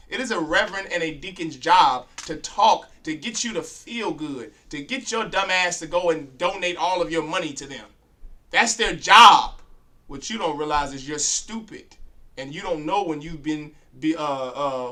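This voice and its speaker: A man's voice: a little high, bright, forceful tone. A man teaching a class in a preaching style, blunt and confrontational, firing rhetorical questions at his students. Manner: blunt, crude street talk.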